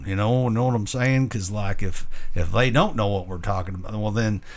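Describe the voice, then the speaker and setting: A man's voice: lowish voice, moderate pace. A man co-hosting a Christian talk show, rambling through opinions and tagging points with rhetorical questions. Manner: rambling, rhetorical "right?" tags. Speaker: podcast co-host. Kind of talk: conversational Christian commentary.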